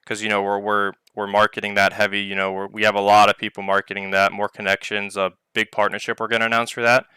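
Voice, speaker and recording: A man's voice: lowish voice, monotone, fast, sharp tone, smooth, no echo, studio quality. A man hosting a casual live Q&A over online voice chat, rambling with lots of filler words. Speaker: project owner hosting a community Q&A. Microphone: online voice chat mic.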